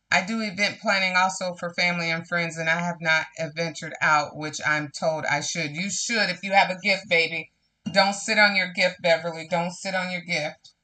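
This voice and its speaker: Woman hosting a craft livestream, bright tone, calls everybody y'all and gets kinda preachy. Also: lowish voice. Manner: chatty, preachy testimony, addresses viewers as y'all. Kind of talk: casual live craft chat.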